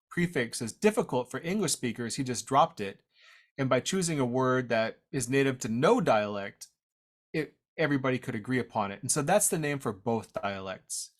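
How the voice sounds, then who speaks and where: A man teaching his tribe's language in an online presentation. He talks casually and jokes about himself, and he often stops and starts over. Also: medium pitch. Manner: casual, self-deprecating, halting with restarts. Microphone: video call. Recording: unstable internet connection, audio drops out.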